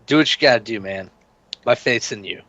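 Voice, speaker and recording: A man's voice: mid-range voice, brisk, sharp tone, no echo, dull audio. An easygoing man playing a tabletop game. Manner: easygoing, says man a lot. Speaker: player.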